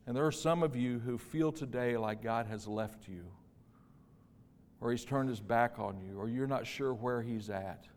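A man's voice: mid-range voice, a little slow, a little hiss or hum. Man preaching in a reverberant church. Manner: swings from hushed and tender to loud and emphatic. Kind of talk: sermon. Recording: long hall reverb.

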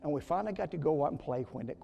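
Gravelly preacher in a reverberant hall. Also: male voice, fairly high pitch, lively intonation, very fast, highs cut off. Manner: storytelling, earnest preaching with sudden loud rises. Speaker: pastor. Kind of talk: sermon. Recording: long reverb of a church hall.

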